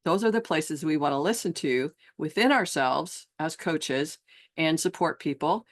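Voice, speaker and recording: A woman's voice: sits low, animated, a little slow. Earnest woman coach musing aloud. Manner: earnest, musing, slips into voices of clients and coaches. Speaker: transformational coach and trainer. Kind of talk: reflective solo talk to fellow coaches.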